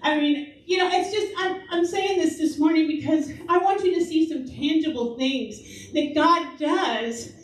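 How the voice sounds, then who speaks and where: A woman's voice: high-pitched, unhurried. Woman telling a sermon story in an echoey hall. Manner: chatty, laughs often while telling stories. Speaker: speaker at a church service. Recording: echoey church hall from a distant mic.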